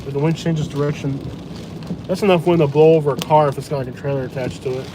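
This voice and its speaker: A man vlogging live from inside a truck during a hurricane, talking in a blunt, mocking, excitable way. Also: fairly high pitch, fast talker. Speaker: storm-chasing vlogger. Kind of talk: live storm commentary. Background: rain and wind.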